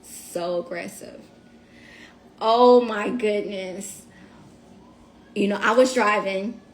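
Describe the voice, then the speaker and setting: A woman telling a story on a casual livestream. She is animated and profane, and talks straight to her viewers. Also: medium pitch, takes it slowly.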